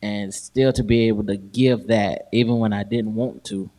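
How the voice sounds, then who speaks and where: A man's voice: on the low side, steady tone, normal speed, warm tone. A man co-hosting a podcast, telling stories in casual chat with slang, laughing often and acting out what people said. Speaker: podcast host.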